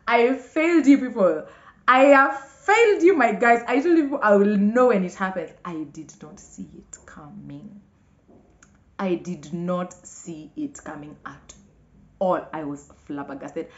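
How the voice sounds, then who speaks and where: Young Kenyan woman, vlogger, lower voice, lively storytelling in a roomy, muffled recording. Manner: animated, acts out others' lines with big pitch jumps. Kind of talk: casual storytelling to camera. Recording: echoey room, muffled lo-fi sound.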